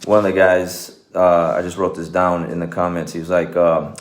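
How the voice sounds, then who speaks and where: A man's voice: low voice, little pitch movement, moderate pace. A man, a martial arts coach, talking casually and earnestly to his viewers, rambling with many fillers and restarts. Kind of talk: casual talk to camera.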